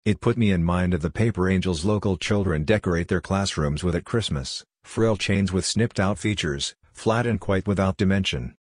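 Deep-voiced man telling a horror story. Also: moderate pace, hardly any pauses, dry recording, clean studio sound. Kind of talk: scripted horror narration.

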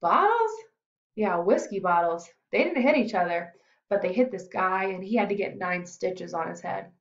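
A woman's voice: mid-range voice, expressive, moderate pace, echoey room, muffled recording, lightly acted. A woman voicing an eager, curious teenage boy who is a boxer, asking many questions.

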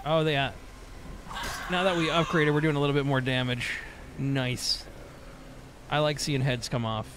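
A man's voice: a little high, steady tone, normal speed, long pauses, noisy background. A man streaming gameplay, talking loosely and profanely with jokes. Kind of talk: casual live gameplay commentary.

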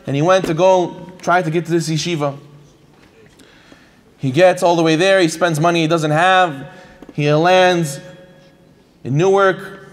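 A man giving a lively sermon, telling stories and acting out the people in them with repeated phrases. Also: a little high. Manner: animated, repetitive phrasing, acts out quoted voices. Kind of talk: sermon with storytelling.

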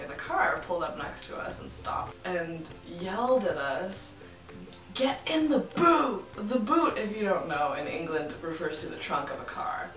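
A woman co-hosting a comedy chat show, playfully spinning absurd stories. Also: lowish voice. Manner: playful, spins absurd revenge fantasies. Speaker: co-host. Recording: roomy and distant, music behind. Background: music.

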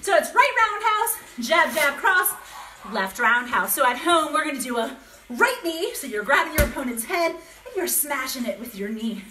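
A woman's voice: sits high, big pitch swings, normal speed, echoey room, noisy background. A woman instructor coaching a home kickboxing workout, calling out combos in an upbeat, encouraging way, getting out of breath. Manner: calls out combos, upbeat and encouraging, laughs often. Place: home workout space, dogs barking nearby.

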